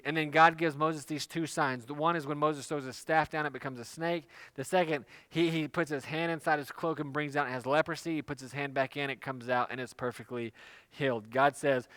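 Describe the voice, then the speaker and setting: A man's voice: a little high, fairly even intonation, fairly quick, fairly bright tone, smooth, no echo. A man preaching a sermon, retelling a scripture story in casual, everyday speech. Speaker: pastor.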